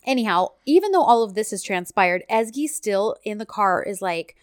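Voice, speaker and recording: A woman's voice: medium pitch, expressive, normal speed, smooth, no room sound, clean studio sound. A woman co-hosting a casual chat, retelling episode scenes and quoting the characters' lines. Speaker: podcast co-host recapping a TV series.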